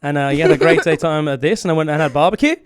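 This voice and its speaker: Fast-talking man, dry close mic. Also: on the high side, clean tone, no room sound. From Britain. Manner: rambling, chatty storyteller with many fillers. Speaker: podcast host. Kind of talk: casual chat.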